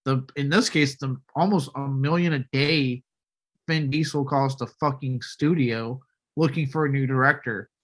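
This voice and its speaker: A man talking loosely and profanely in a casual podcast chat. He rambles through his points and now and then bursts into loud mock shouting. His voice sits at an ordinary middle pitch. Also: steady tone, normal speed.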